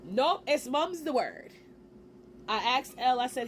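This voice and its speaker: A woman in her forties telling a personal story to camera in a casual, animated way, with slang and quick asides. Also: high voice, a little hiss or hum. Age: 40s. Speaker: vlogger.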